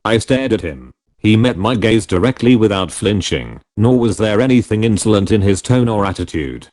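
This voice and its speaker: Male audiobook narrator, low voice, lively first-person reading. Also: moderate pace.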